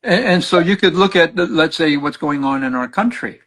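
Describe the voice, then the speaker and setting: An older man, a spiritual counselor, teaching in animated conversation and acting out his clients' words as he tells their stories. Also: on the high side, normal speed, poor audio.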